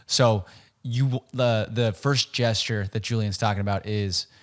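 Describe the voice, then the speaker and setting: A man's voice: on the low side, steady tone. A man with an everyday mid-range voice hosts a podcast interview. He asks questions and sums up points for his listeners, often repeating words as he talks. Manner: prompting questions with brisk recaps, small repetitions. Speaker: podcast host.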